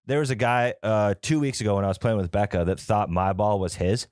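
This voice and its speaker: A young man with a lowish voice co-hosts a casual golf podcast. He tells stories full of swearing and acts out both sides of the exchange. The recording is dry and close. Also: fairly quick, a little mellow, smooth, dry recording. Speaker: podcast co-host. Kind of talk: casual chat.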